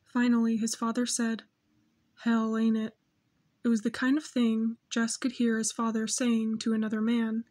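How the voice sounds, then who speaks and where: A woman reading a novel aloud in steady, measured scripted narration. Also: a little high. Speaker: audiobook narrator.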